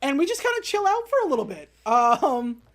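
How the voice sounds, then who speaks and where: This is a woman on a podcast, talking through a film's plot in relaxed, conversational chat. She tells it with energy and slips into brief put-on voices to quote the characters. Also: sits high. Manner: animated retelling, acting out characters in quick voices. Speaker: podcast co-host recapping a film. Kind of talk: casual chat.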